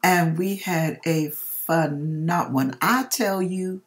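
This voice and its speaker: A woman with a slightly low-pitched voice shares a personal faith testimony. She tells it in an emphatic, expressive way, with church-style exclamations throughout. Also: takes it slowly. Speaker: hairdresser sharing a personal testimony.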